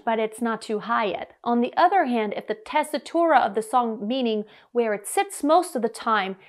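A woman from Germany, a vocal coach, explaining singing technique in a clear, deliberate way to camera. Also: a little high.

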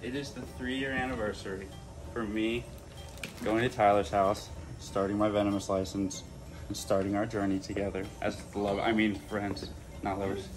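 A man's voice: on the low side, little pitch movement, normal speed, over music. A young man casually narrating a vlog about feeding his snakes, in a jokey, playful way, sometimes dropping to a whisper. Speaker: reptile vlogger.

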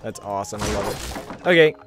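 A man's voice: fairly low pitch, lively intonation, fairly quick, over music. A man recording let's play commentary, goofy and laughing, mock-outraged at the game. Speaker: gaming channel host.

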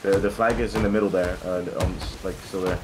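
Excitable young man, gaming over loud noise. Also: low-pitched. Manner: excitable, swears often, quick bursts of shouting. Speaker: game streamer. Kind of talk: casual gameplay chat with teammates. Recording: game sounds of boat and water behind voice.

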